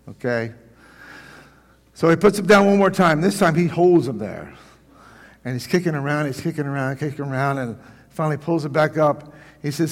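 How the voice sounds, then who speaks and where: A man preaching a sermon, telling folksy stories with lively, animated delivery. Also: a little high, brisk. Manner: folksy, animated storytelling with restarts. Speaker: pastor. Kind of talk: sermon with storytelling. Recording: long hall reverb.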